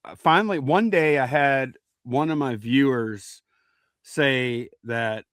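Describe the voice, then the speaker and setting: A man hosting a podcast, speaking in a halting, thoughtful way with many restarts. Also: mid-range voice, a bit bright, dry recording, clean studio sound. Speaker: podcast host. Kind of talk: casual podcast chat.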